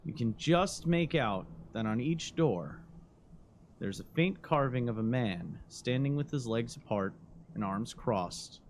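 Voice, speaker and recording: A game master narrating a tabletop role-playing game in slow, descriptive phrases with pauses. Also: mid-range voice, lively intonation, a little mellow, a little hiss or hum.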